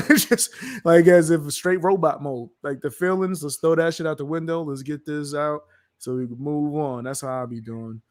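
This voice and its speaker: A man's voice: on the high side, normal speed. A young man co-hosting a stream in casual chat, explaining his points bluntly and laughing often. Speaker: stream co-host.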